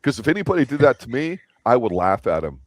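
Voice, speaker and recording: A man's voice: medium pitch, very animated, fast, darkish tone, no room sound, clean studio sound. A man hosting a casual TV review chat, rambling and opinionated with lots of restarts. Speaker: host of a TV review show.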